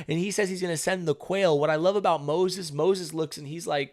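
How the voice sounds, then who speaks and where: A man's voice: high-pitched, brisk, hardly any pauses. Earnest, emphatic male Bible podcast host. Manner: earnest, emphatic, rhetorical questions. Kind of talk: Bible reading and commentary.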